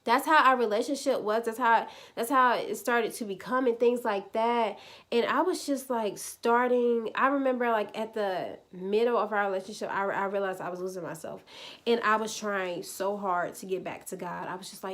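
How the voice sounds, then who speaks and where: A woman's voice: medium pitch, normal speed, a bit bright. A woman in her twenties casually telling a personal faith story to viewers, chatty and full of "like" fillers. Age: 20s. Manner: chatty, many "like" fillers, speaks to viewers as "y'all". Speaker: vlogger sharing a personal testimony.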